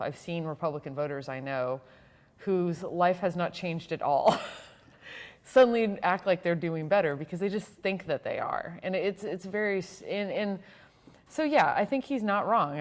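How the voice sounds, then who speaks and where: A woman's voice: on the low side, lively intonation, normal speed. A woman from the Texas-Mexico border, co-hosting a political discussion, thoughtful and laughing often. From Texas-Mexico border, USA. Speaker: co-host. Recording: long reverb.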